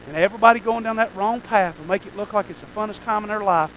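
A man preaching in a church, with a very high, ringing, bright voice. He talks in a folksy way, dropping low and then climbing to a shout. A faint hiss of noise sits under the recording. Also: fast, rough recording. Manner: folksy preaching that swings from hushed to near-shouting. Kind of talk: sermon.

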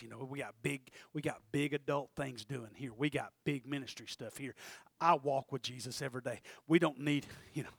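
A man voicing an anxious male disciple who whispers to a boy to keep quiet about his lunch. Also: mid-range voice, vocal fry, husky, no room sound. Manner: hushed, whispering, hurried.

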